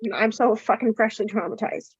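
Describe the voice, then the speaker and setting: A woman's voice: a little high, a little fast, breathy edge, no room sound, dull audio. A woman on a video call talking frankly about parenting, swearing freely and acting out what people said. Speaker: client in a coaching session. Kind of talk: candid casual talk.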